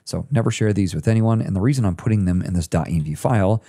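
Guy doing a coding screencast, deep mellow voice, easygoing walkthrough. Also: fast. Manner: casual step-by-step walkthrough. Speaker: coding tutorial host. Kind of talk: screen-share coding tutorial.

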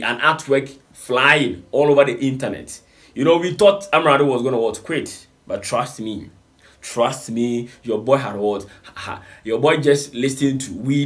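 A man with a Ghanaian accent mixing Pidgin, hosting a casual entertainment reaction video, reading out comments and pleading with lively swings in his voice. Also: mid-range voice. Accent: Ghanaian English with Pidgin. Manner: animated, reads comments aloud, pleading.

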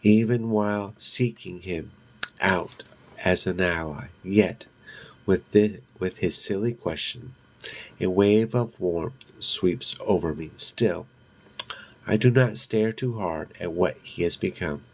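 A man reading a novel aloud as narrator, in a measured, steady way with occasional slips. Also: deep voice, vocal fry. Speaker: audiobook narrator.

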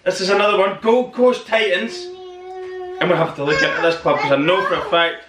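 A man's voice: sits high, steady tone, a little fast. A man hosting an unboxing vlog, chatty and full of exclamations. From Northern Ireland. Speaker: channel host. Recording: echoey room, mic at a distance, noisy.

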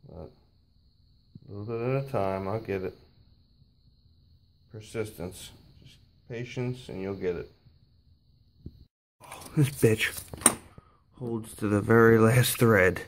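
Man, slow-talking, strained, cursing under his breath, tool clicks audible behind. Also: fairly low pitch, slight background noise. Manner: swearing, straining and muttering while he works. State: strained from physical effort. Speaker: DIY car repair vlogger. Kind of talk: casual talk while working.

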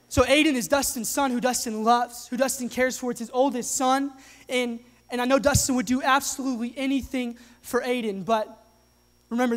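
A young adult man preaching a sermon to his congregation, earnest and animated, often restarting his sentences. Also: very high voice. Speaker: pastor. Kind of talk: sermon with live demonstration. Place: church hall with live audience. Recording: long hall reverb.

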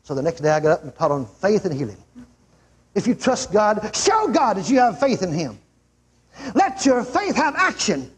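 High-pitched emphatic older preacher. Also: male voice, sing-song, normal speed, breathy edge. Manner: emphatic, shouts out quotes, acts out a healed man's yells. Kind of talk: revival sermon storytelling. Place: large church before a crowd.

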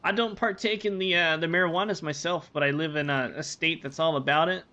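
A man's voice: a little high, steady tone, a little fast, bright, forceful tone. A man streaming a game, rambling to himself and his viewers with plenty of swearing. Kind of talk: casual gameplay commentary. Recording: dull lo-fi recording.

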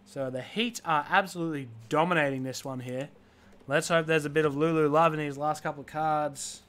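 A man's voice: fairly high pitch, fairly bright tone. A man hosting a live card-breaking stream, listing player names one after another and dropping joking asides.

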